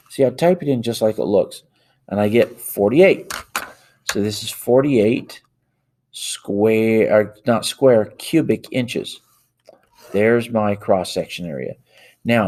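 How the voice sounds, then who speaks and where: This math teacher is a man with a fairly low, warm voice. He talks through worked examples step by step, entering them on a calculator and catching his own mistakes.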